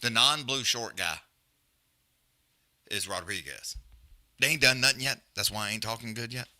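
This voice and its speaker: A man hosts a live fight stream, calling the action amid loud, profane, animated trash talk and casual banter. His voice is mid-range and his pace normal.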